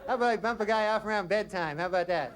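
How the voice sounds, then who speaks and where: A man voicing a menacing pit bull dog who talks like a flat, threatening gangster. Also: high voice, racing, a crowd in the background, close to an everyday voice. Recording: noisy live stand-up recording.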